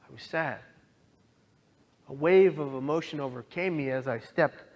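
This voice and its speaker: Impassioned man with sudden loud swings. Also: on the high side, normal speed. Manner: pleading, directly addresses listeners. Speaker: speaker sharing his own story. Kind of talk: dramatic personal testimony talk.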